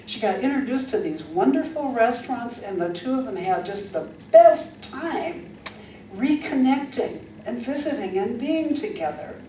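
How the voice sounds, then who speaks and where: A woman's voice: a little high, animated, measured pace, warm tone. A woman minister giving an upbeat, conversational sermon and leading the congregation in affirmations, recorded from far off in a church sanctuary. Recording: roomy church sound from far off, noisy.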